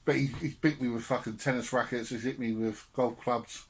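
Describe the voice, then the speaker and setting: A man's voice: medium pitch, steady tone, fairly quick. A young man on a podcast telling family stories with laughter and swearing in casual chat. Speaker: podcast co-host.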